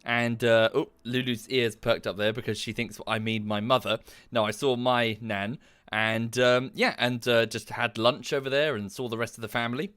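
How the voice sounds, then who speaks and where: A British man talking casually to his stream audience from a home desk microphone. His pitch sits in an ordinary middle range, and he rambles politely with plenty of fillers and quick thank-yous. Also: steady tone, fairly bright tone, smooth. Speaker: livestreamer.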